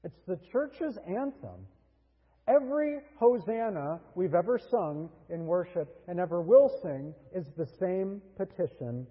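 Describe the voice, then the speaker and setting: A man preaching a sermon as pastor, earnest and deliberate, with dramatic pauses. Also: high-pitched, lively intonation, breathy edge, in a large hall, phone-quality sound.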